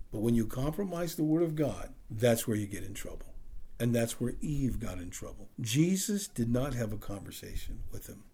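A male pastor preaching a sermon and closing in prayer, animated, swinging between loud emphasis and soft, low passages. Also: breathy edge.

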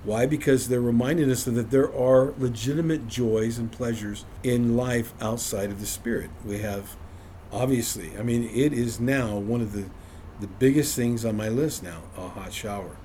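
A man's voice: medium pitch, moderate pace, mellow, slight background noise. A man leading an informal Bible study for a small group, conversational and self-deprecating, often chuckling.

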